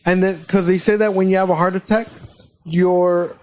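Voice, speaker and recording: A man co-hosting a podcast, telling a personal story in a casual, animated way with plenty of swearing. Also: high voice, low-quality recording. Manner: animated, swearing, quick retelling. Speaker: podcast co-host.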